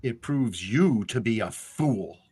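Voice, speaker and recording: A man reading the lines of a cruel, scheming undead lich queen in a slow, measured, menacing way. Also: mid-range voice, expressive, a little mellow, slightly rough. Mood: cold menace.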